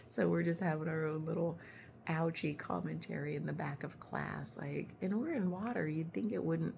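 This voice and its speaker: Gravelly, mellow-voiced woman in her forties. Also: sits low, normal speed, a little hiss or hum. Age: 40s. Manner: chatty, laughs often, acts out quoted lines. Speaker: body worker and podcast host. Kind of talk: casual storytelling monologue.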